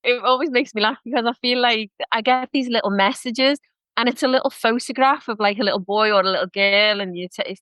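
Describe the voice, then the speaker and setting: A woman's voice: a little high, a little fast, a bit bright, clean tone, no room sound. A woman who hosts a podcast as a psychic medium, talking in casual chat, effusive and gushing.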